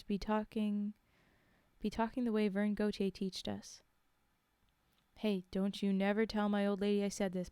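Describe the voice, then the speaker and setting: A woman reads a story aloud on a livestream and chats with her listeners in between. Her voice is mellow and smooth. The sound is close and dry. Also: mid-range voice, no echo. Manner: relaxed, chatty, with asides.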